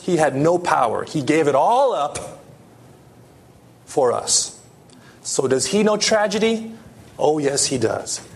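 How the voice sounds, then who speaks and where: A man preaching a sermon as pastor, earnest, lifting his voice for emphasis and dropping it soft. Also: on the high side, creaky.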